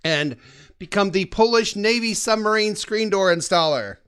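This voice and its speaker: Brief: a joking, rambling man hosting a fan podcast, a bit higher pitched. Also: moderate pace, fairly bright tone, clean tone, soft background music. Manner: jokey, rambling, with frequent laughs. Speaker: podcast host. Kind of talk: casual sports podcast chat.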